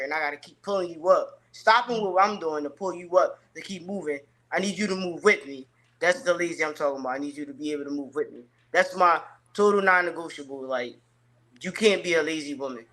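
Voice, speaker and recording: A man's voice: a little high, sharp tone. A man in his thirties talking casually and emphatically on a podcast, with slangy phrasing. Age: 30s. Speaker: podcast guest.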